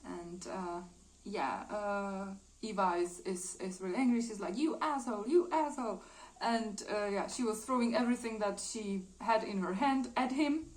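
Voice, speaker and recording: A woman's voice: mid-range voice, normal speed. A woman retelling her own old comic in a casual, hesitant way, full of fillers and small laughs. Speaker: artist showing her drawings.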